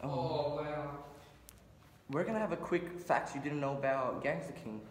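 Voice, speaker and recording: A man's voice: a little high, unhurried. A young man vlogging on a phone camera around his school, joking and rambling with plenty of swearing. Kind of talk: casual school vlog. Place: school library and classrooms. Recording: noisy classroom chatter behind. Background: classmates chatting.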